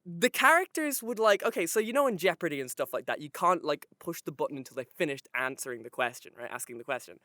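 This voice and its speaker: A young man co-hosting a podcast in casual chat, ranting excitably with lots of swearing. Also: a little high, fast, hardly any pauses, no room sound, studio quality. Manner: excitable rants, heavy swearing. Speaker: podcast co-host.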